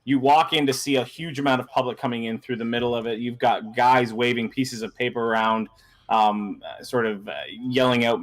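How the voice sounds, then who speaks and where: A man's voice: medium pitch, fairly even intonation, brisk. Man running a tabletop game. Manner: rambling, many fillers. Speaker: game master.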